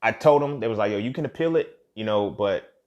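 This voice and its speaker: A young man, host of his own show, telling a painful personal story in casual, profane speech that swings from loud to hushed. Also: fairly low pitch, expressive, fairly quick, highs cut off. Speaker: podcast host.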